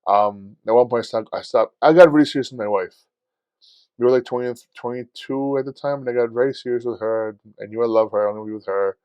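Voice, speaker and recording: A man co-hosting a podcast in casual chat, telling stories in a profane, animated way and acting out his own shouting. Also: mid-range voice, fast, clear, resonant tone, dry recording. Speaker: podcast co-host.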